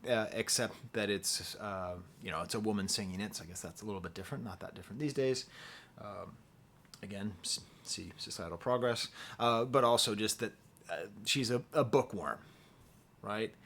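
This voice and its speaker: A man's voice: medium pitch, lively intonation, moderate pace, fairly bright tone. A man giving a casual, chatty music review, joking at his own expense and laughing often.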